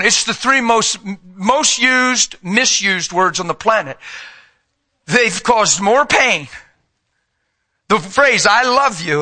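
A middle-aged man preaching a sermon, emphatic and direct, urging his listeners and swinging from loud passages to hushed ones. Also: high-pitched.

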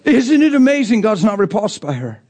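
Husky animated male preacher. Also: high-pitched, moderate pace. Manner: animated storytelling, acting out quoted voices, laughing often. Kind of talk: storytelling sermon.

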